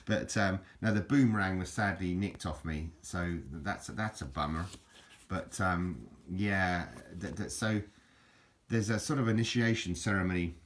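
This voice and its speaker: A man with a very low voice talks casually to a handheld camera at home. His talk stumbles and restarts, full of fillers and chuckling self-mocking jokes. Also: a little slow, a little hiss or hum. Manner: drops into mock Aussie slang for fun. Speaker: video host showing an object. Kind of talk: casual rambling show-and-tell. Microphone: handheld camera, filming one-handed.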